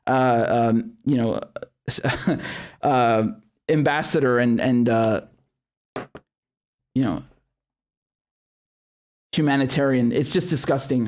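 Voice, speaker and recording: A man's voice: mid-range voice, slow pace, pauses often, darkish tone. A man hosting a live stream, commenting bluntly with heavy swearing and many restarts, then reading viewer chats. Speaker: show host.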